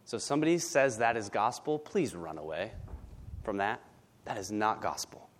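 A man's voice: on the low side, very animated, moderate pace, a little hiss or hum. A male pastor preaching a sermon in a blunt, conversational way, often asking "right?". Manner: blunt, conversational, tag questions.

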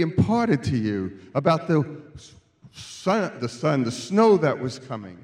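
A man preaching as a guest speaker at a church celebration, moving from quiet storytelling to loud calls to the congregation. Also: a little high, sing-song, takes it slowly, a faint crowd. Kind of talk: sermon.

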